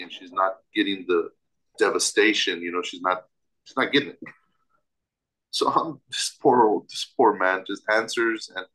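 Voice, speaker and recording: A man with a somewhat low voice recounts a personal story as an interview guest. He talks vividly and with emphasis, restarting phrases as he goes. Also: sharp tone, poor audio.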